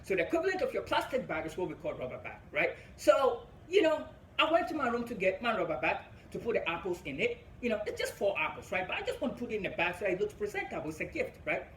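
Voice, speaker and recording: A young Ghanaian man doing stand-up storytelling, animated and laughing at his own story. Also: high-pitched, fast talker, hardly any pauses, roomy sound, slight background noise, low-quality recording. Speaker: stand-up comedian.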